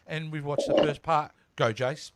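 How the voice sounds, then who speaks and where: Higher-voiced man co-hosting a podcast. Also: steady tone, moderate pace, slight background noise. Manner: enthusiastic, frequent restarts and fillers. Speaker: podcast co-host. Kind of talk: casual review chat.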